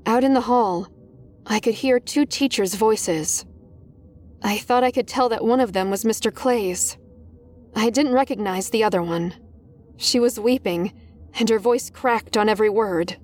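A woman's voice: fairly high pitch, measured pace, darkish tone. A woman narrating a first-person horror story in a tense, dramatic manner. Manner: tense, dramatic, rising in panic.

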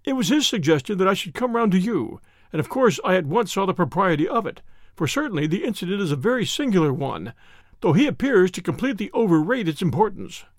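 Man voicing an earnest doctor, measured telling, higher voice, dry sound. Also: sing-song, dry recording. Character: earnest male doctor telling his tale.

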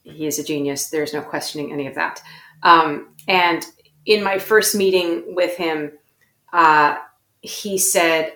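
A woman with a low, bright and forceful voice thinks aloud as she tells stories about her acting work, correcting herself as she goes. She sounds like she is in a roomy space with echo. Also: steady tone, a little slow. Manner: reflective, self-correcting storyteller. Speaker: guest actor. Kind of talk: interview conversation.

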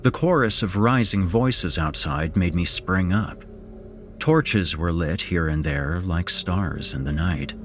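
A man narrating a horror story in a measured, dramatic storytelling manner, as host of a podcast. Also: low-pitched, animated, over music.

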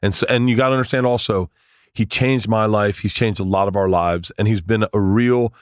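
Low-voiced man in his forties telling stories. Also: brisk, no echo, studio quality. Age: 40s. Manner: animated, swearing, acts out quoted voices. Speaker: comedian guest. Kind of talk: casual storytelling interview.

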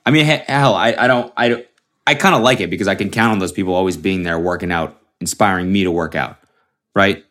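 A man's voice: sits low, a little fast, fairly bright tone. A young man hosting a solo comedy podcast, rambling and swearing freely, often restarting his sentences. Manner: rambling and profane, with frequent restarts. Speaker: podcast host.

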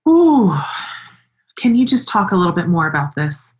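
Low-voiced woman interview host. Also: fast talker, rough recording. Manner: earnest, expressive, animated storytelling. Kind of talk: conversational interview.

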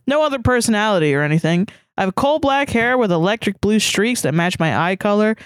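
A woman's voice: mid-range voice, lively intonation, fairly quick, hardly any pauses, clean tone, no room sound, clean studio sound. A woman co-hosting a comedy podcast, reading a fanfiction story aloud with playful asides. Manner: reads with playful asides and laughs. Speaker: podcast co-host.

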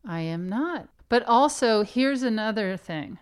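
Smooth-voiced chatty woman co-host. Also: a little high, lively intonation, measured pace. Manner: playfully defensive, chatty. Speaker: podcast co-host. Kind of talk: casual chat.

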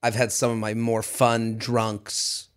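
A man's voice: lowish voice, completely flat delivery, slow pace. A man co-hosting a podcast, chatting casually and joking with playful banter. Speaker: podcast co-host. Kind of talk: casual chat.

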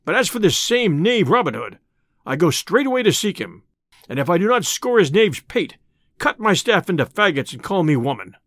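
A man voicing a boisterous, hot-tempered male tinker who talks loudly in old-fashioned speech. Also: high voice, very animated, normal speed, dry recording, studio quality. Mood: angry.

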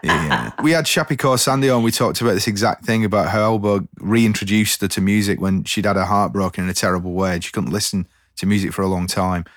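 A man's voice: fairly low pitch, steady tone, fast talker, few pauses. A man hosting a podcast in a casual, jokey, rambling way, sometimes poking fun at himself. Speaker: podcast host.

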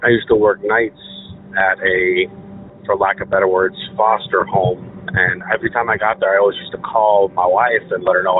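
A young man tells his story earnestly over a tinny phone line, stopping and restarting often. His voice sits fairly low. A faint hiss runs under the call. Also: level tone. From Maine. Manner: earnest, halting, with many fillers and restarts. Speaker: caller.

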